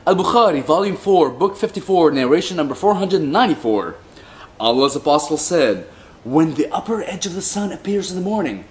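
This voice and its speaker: Sarcastic man with a lively voice. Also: a little high, slight background noise. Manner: mocking, dry asides between slow deliberate readings. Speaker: commentator reading hadith aloud. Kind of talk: reading texts with sarcastic asides.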